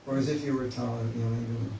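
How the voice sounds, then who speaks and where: A man's voice: mid-range voice, fairly even intonation, fast, recorded from a distance. A man giving a spiritual class in a conversational, joking way, often acting out inner voices. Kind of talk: informal spiritual class talk. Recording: echoey room, mic from afar, faint hiss.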